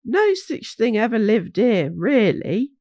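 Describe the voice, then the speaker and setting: A woman's voice: a little high, big pitch swings, slow, no echo, clean studio sound, exaggerated voice. A woman doing a folksy old hog warden. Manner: rustic folksy speech, gentle and soothing. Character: kindly old male hog woodland warden.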